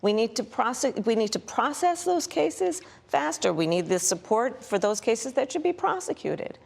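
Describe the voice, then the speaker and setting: A woman politician giving measured, repetitive answers in a broadcast interview. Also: a little high, big pitch swings, creaky, a little mellow, long reverb tail. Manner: measured, deflecting, repeats phrases.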